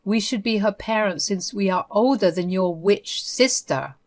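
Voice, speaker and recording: A woman's voice: mid-range voice, unhurried, lightly acted. A woman voicing an unhinged, possessive sister-in-law who speaks in a defiant, dismissive way.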